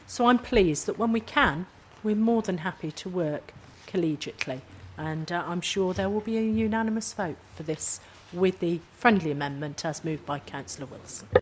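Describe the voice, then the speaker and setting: Female councillor, emphatic debate remarks, lowish voice, faint room sound behind. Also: normal speed, few pauses, slight background noise.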